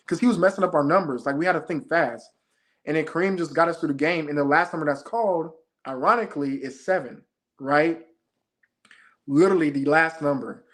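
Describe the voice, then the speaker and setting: A young man, a former game show contestant, retelling his experience as an interview guest in an excited, fast-moving casual chat. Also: fairly high pitch. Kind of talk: animated storytelling in casual chat.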